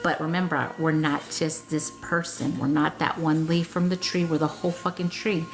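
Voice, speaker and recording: A woman's voice: deep voice, fairly even intonation, moderate pace, faint music behind. A woman spiritual healer hosting a casual live session, talking bluntly with frequent swearing and laughter. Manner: blunt, profane, laughs often, reads chat comments aloud. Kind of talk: casual live-stream chat.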